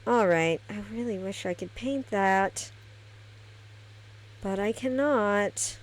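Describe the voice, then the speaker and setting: A woman's voice: mid-range voice, takes it slowly. A woman giving casual gameplay commentary, chatty and thinking aloud as she decorates a virtual house. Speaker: gameplay streamer.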